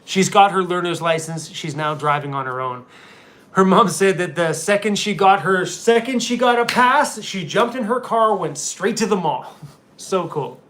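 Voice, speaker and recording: A man's voice: high voice, normal speed. A middle-aged man from Canada, chatting casually and rambling on a live stream from a hotel room. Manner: relaxed, rambling, talks baby-talk to his dog. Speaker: van-life vlogger doing a live stream.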